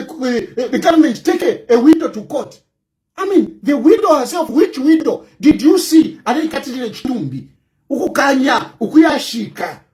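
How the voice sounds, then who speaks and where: A man with a Zambian accent delivering a heated political rant, combative and repetitive, often shouting. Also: extremely high pitch, rough recording. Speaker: political commentator.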